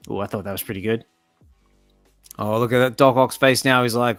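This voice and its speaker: Channel host, male, middle pitch; casual comic read-through with excitable reactions, dry room, faint music bed. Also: brisk, pauses often, clear, resonant tone, no echo. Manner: chatty, excitable, reacts aloud. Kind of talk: casual comic book reading with commentary.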